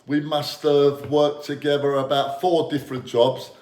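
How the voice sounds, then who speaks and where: A man's voice: fairly high pitch, flat delivery, a little slow, a little mellow. Blunt man in an echoey room. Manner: blunt, swears freely. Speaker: former doorman, co-host. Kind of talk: casual chat.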